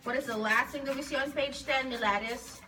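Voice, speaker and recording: A distant recorder in a noisy classroom captures a woman teacher running a guided reading lesson for young kids. She speaks a little fast in a high, steady tone, patiently coaxing words out of the children and prompting them along.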